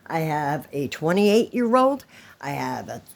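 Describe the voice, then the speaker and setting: Blunt woman in her fifties, co-host on a reaction stream, slow and lively. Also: sits low, gravelly. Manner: blunt, scolding. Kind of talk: casual reaction chat.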